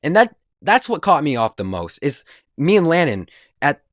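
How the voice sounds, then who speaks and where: A man's voice: fairly high pitch, very animated, normal speed, dry recording, clean studio sound. A young man telling a story-time vlog in a rambling, slangy and profane way. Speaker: vlogger.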